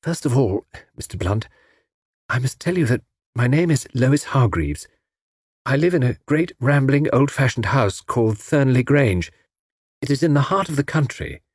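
A man's voice: medium pitch, animated, normal speed, husky, dry recording, clean studio sound, pitched above the performer's own voice. A nervous, earnest young woman, read by a man. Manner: polite, earnest, hesitant. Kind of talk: audiobook character voice.

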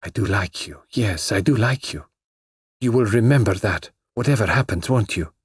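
A man voicing a frightened, pleading young foreign woman in a high, husky, breathless voice. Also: moderate pace, no echo, studio quality. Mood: tender.

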